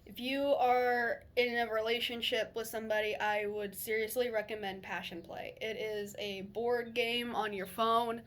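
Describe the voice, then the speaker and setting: A young woman vlogger telling a personal story in a chatty, animated way, swearing freely and laughing as she goes. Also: a little high, unhurried, hardly any pauses. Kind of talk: casual storytelling to camera.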